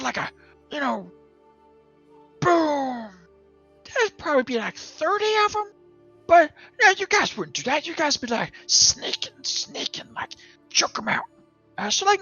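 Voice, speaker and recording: A man's voice: extremely high pitch, vocal fry, pushed and bright, dull audio, pitched above the performer's own voice, heavily acted. A man voicing a scrappy male goblin who rambles in broken grammar. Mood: evasive.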